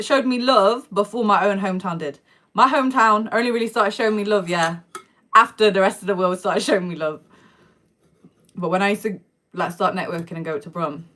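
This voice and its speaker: Young girl cooking on a live stream, lowish voice, slangy, chatting to her viewers. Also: fairly bright tone. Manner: chatty, slangy, answers viewer comments aloud. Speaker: livestreamer. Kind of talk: casual live-stream chat while cooking. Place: home kitchen, indoors.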